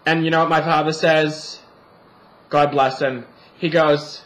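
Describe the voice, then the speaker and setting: A man's voice: a little high, steady tone, unhurried, fairly bright tone, poor audio. A young man in drag, vlogging from a family home indoors, chatting in a campy, sassy, profane and joking way. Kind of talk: campy casual vlog monologue.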